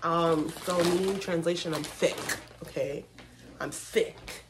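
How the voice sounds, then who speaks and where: A young woman chatting casually to her viewers in a vlog, talking to them directly and breaking into excited bursts. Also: lowish voice, normal speed. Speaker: vlogger.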